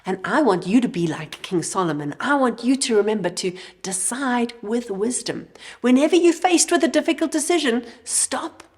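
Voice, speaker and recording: A woman with a fairly high voice tells a Bible story to children as their church teacher. She narrates expressively and sometimes drops to a whisper for emphasis. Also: animated, normal speed, a little mellow.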